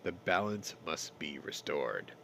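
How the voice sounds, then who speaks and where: A man's voice: a bass voice, very animated, takes it slowly, creaky, fairly bright tone, a little hiss or hum. A stuffy-nosed man hosting a casual news roundup, reading stories and adding sarcastic, profane jokes. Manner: sarcastic, swears, reads news then jokes. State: stuffy from sinuses. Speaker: news commentary host.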